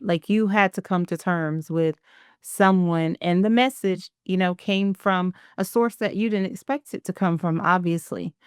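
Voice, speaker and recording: A woman's voice: lowish voice, smooth, dry recording, clean studio sound. A woman podcast host thanking her guest and asking a long, hesitant question, with frequent listening murmurs. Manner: attentive, frequent backchannel, hesitant questions with fillers. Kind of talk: interview questions.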